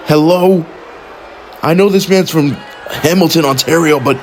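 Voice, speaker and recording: A man giving excited, outraged play-by-play commentary over a wrestling video game, often exclaiming and swearing. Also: a little high, measured pace, pauses often, slight background noise.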